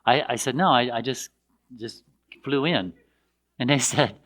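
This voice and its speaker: An older American man telling a personal story in a casual, lively way, acting out the voices of other people. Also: medium pitch, normal speed. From United States. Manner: animated, acts out voices of others in his anecdotes.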